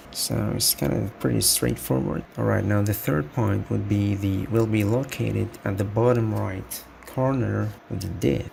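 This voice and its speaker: A man talks through a web coding tutorial at a slow, halting pace, stopping to restart his sentences. His voice sits low and carries heavy vocal fry. A faint hiss of background noise runs under the recording. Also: darkish tone. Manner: unhurried, halting explanation with restarts.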